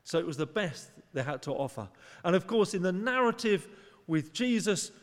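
Expressive male preacher in a reverberant church. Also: sits high, normal speed. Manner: earnest, conversational, acts out voices for emphasis. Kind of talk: sermon.

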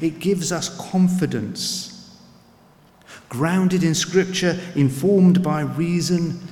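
A man preaching a sermon in an earnest, unhurried way, repeating words as he goes. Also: mid-range voice, darkish tone. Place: church. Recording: echoey church with long reverb.

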